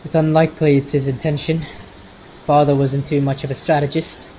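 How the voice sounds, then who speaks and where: A man's voice: on the high side, level tone, a little fast, dark tone, slight background noise, rough recording. Man reading a visual novel aloud. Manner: stumbles over words and corrects himself. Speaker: streamer.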